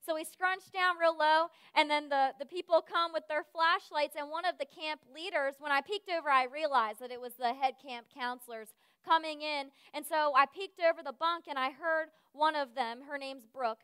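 A woman giving a sermon, telling a lively personal story and acting out the voices of the people in it. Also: high voice, normal speed, hardly any pauses, no echo, studio quality. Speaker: speaker at a church service.

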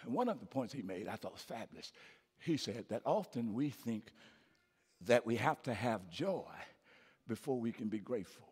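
A man preaching a live sermon as pastor, calling out to the congregation and building from quiet, repetitive phrasing to shouted peaks. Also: mid-range voice, expressive, moderate pace, husky. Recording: reverberant live church hall.

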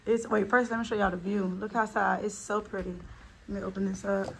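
A woman's voice: mid-range voice, steady tone, brisk, vocal fry, a bit bright, a little hiss or hum. A woman vlogging casually on a handheld phone, chatting to viewers and calling them "y'all". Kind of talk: casual travel vlog chat.

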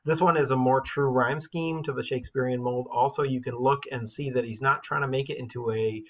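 A man's voice: mid-range voice, steady tone, brisk, fairly bright tone. A man teaching a class on a poem, explaining in a casual way with many fillers and reading the verse aloud.

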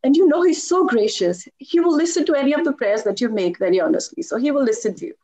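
A middle-aged woman sharing personal devotional stories in a lively talk, laughing often as she tells them. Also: sits high, fast talker. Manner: animated storytelling with frequent laughs.

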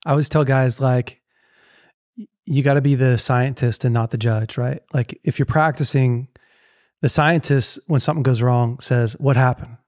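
A man's voice: medium pitch, steady tone, a little mellow, no room sound, studio quality. A man hosting a podcast, chatting casually, restarting phrases and speeding up as he explains. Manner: thinks aloud with restarts and filler likes, quickens when explaining. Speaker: podcast host. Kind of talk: casual conversation.

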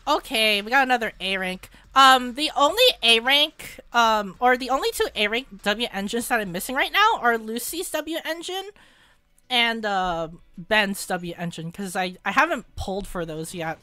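A woman hosting a casual gaming video, commenting on her pulls and breaking into shrieking, repeated exclamations when excited. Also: fairly high pitch, moderate pace, no echo. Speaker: gaming channel host. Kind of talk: casual gacha pull commentary.

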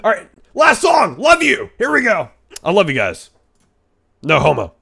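Goofy raspy young man streaming. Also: high voice, wildly swooping pitch, unhurried, faint music behind. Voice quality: raspy, grainy. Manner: goofy, loud, swings to shouting. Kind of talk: casual live-stream chat.

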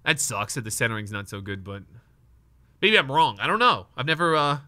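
Excitable young man live streaming. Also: medium pitch, a little fast, dry recording. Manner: excitable, nervous, talks to chat, swears. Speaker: streamer opening trading card packs.

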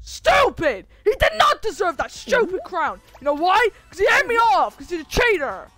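A woman voicing a hot-tempered cartoon animal who yells and rages at losing, in a fan role-play over gameplay. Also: very high voice, sing-song, soft background music, heavily acted. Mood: furious. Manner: yelling, quick to rage at losing.

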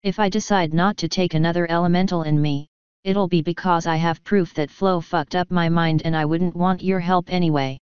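A woman's voice: lowish voice, steady tone, moderate pace, darkish tone, clear, resonant tone, dry recording, lo-fi sound. A woman reading first-person fan fiction aloud in a casual, offhand way, swearing freely. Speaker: audiobook reader.

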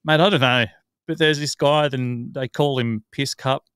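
Man, sports podcast co-host, chatty, smooth clear voice, dry sound. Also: mid-range voice, fairly even intonation, normal speed, fairly bright tone, no echo. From Australia. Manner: chatty, rattles off stats, self-mocking. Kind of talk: casual sports podcast chat.

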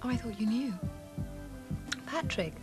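A woman's voice: a little high, a little slow, music in the background. An actress playing a cool, persuasive woman who talks her lover round in a TV soap. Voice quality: calm, persuasive. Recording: TV score behind the speech.

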